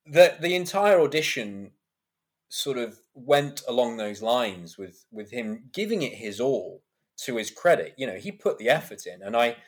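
A man in his thirties tells animated stories as a podcast guest. His voice sits at an ordinary middle pitch, and he laughs often as he talks. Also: unhurried. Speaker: actor guest. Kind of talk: podcast interview storytelling.

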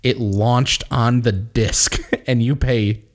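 A man's voice: medium pitch, steady tone, slow. A man chatting casually, rambling and swearing freely, often laughing as he explains things. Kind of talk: casual chat.

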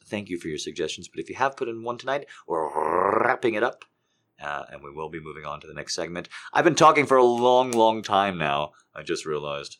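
Man, live stream host, casual chat, joking, self-mocking, deep voice, lively pitch.

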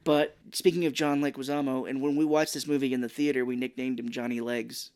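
A man in casual conversation on a film podcast. His pitch sits mid-range and he tells the story in an animated way, jumping into little voices for the scenes he recounts. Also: a little fast, clear, resonant tone. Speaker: podcast co-host.

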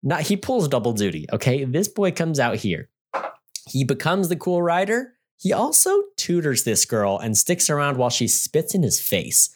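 A man co-hosting a podcast, reviewing a film in an animated, sarcastic rant that keeps asking his listener "all right?". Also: a little high, normal speed. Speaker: podcast co-host. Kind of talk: casual movie review rant.

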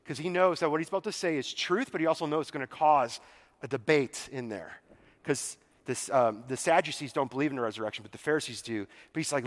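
A man with a high voice preaches in a casual, animated way and acts out the scenes he retells. His voice rings with the long reverb of a large church hall. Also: a little fast. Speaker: pastor. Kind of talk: sermon.

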